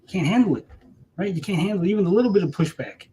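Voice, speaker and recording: A man's voice: sits high, lively intonation, fast, mellow, poor audio. A man delivering a heated, profane callout rant to camera, repeating himself and mocking his target. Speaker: streamer.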